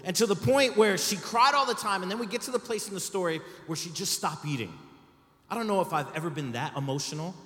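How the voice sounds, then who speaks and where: A male pastor preaching a sermon, animated and lively, breaking into shouts and playful asides to the congregation. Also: high voice. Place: church sanctuary. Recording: echoey hall with long reverb.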